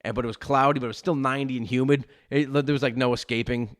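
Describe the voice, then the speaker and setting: A man's voice: mid-range voice, fairly even intonation, fast talker. A man, telling a long, profane, rambling story in casual podcast chat. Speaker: podcast host.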